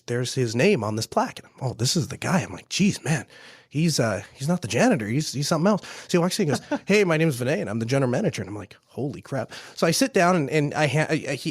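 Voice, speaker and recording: A man talks quickly and loosely, repeating himself and restarting his sentences as he tells a story. The sound is close and dry, with no room around it. He reads as a business owner in his thirties, chatting casually. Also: medium pitch, no echo. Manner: fast, rambling, many restarts and repeats.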